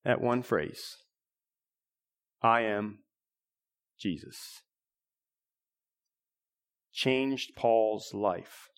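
A man preaching a sermon in a conversational way, restarting phrases and clearing his throat now and then. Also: medium pitch.

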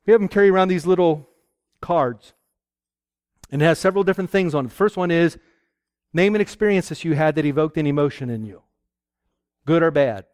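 A man preaching a sermon to a live audience, lively and acting out little exchanges between husband and wife. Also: a little high, fairly quick, pauses often, no room sound, clean studio sound.

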